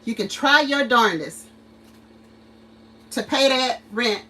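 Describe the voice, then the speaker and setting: A woman's voice: fairly high pitch, slow, distant mic, low-quality recording. A woman hosting a casual livestream, telling stories and ranting with frequent laughter and acted-out quotes. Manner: animated, acts out quotes. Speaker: channel host and mother.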